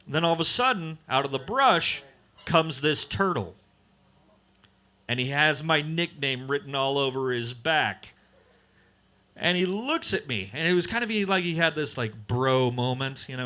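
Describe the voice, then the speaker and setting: Guy doing open mic standup, bright voice, all over the place pitch-wise, swears a lot and rambles. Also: expressive, moderate pace. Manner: rambling, profane storytelling with frequent laughs. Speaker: stand-up comic. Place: bar stage at an open mic night.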